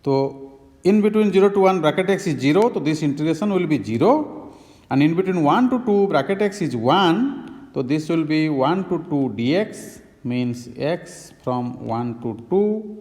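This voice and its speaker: A man's voice: fairly high pitch, animated, measured pace, a little mellow, long reverb tail. A man teaching a math lesson, working through each step in a methodical, repetitive way.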